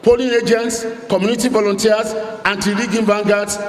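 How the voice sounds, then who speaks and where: A man's voice: high-pitched, little pitch movement, a little fast. Rousing man in an echoey hall. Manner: rousing, emphatic oratory with crowd call-outs. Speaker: campaign director general. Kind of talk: rally speech. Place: large hall at a rally. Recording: echoey hall recording with faint ambience.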